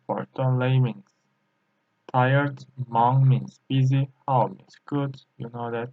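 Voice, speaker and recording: Male Chinese tutor, Turkish native, halting non-native English, tinny laptop-mic lesson. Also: mid-range voice. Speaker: Chinese language teacher. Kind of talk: screen-recorded language lesson.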